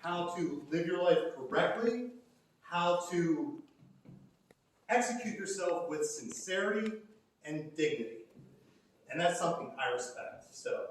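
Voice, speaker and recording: A man presenting an award, nervous and earnest, with some emotion showing through. His voice is a touch higher than most men's. It echoes heavily around a large hall, heard from a distance. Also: expressive, measured pace, long pauses. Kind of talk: introduction speech. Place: banquet hall.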